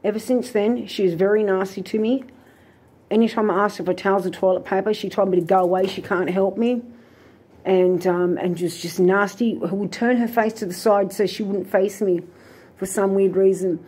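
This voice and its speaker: Woman, indignant rambling storyteller; darker, slightly husky tone. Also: medium pitch, fairly even intonation, normal speed, darkish tone. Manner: aggrieved, indignant retelling with many fillers and restarts. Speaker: vlogger.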